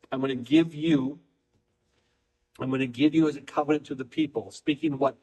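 A man preaching a sermon, emphatic and repetitive, reading scripture aloud and swinging between quick bursts and slow, drawn-out phrases. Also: mid-range voice, fairly even intonation, dark tone, rough recording. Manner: emphatic preaching, speeding up and slowing down, repeating phrases. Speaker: pastor.

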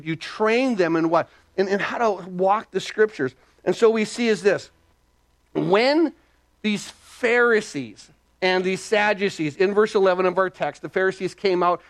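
High-pitched man preaching animatedly. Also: no echo. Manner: animated preaching, voice jumping high and dropping low, frequent restarts. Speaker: pastor. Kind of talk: sermon.

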